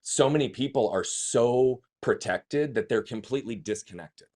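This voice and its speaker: Guy, thirties, animated storyteller who swears and asks rhetorical questions. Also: medium pitch, moderate pace. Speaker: guest. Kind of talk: conversational storytelling.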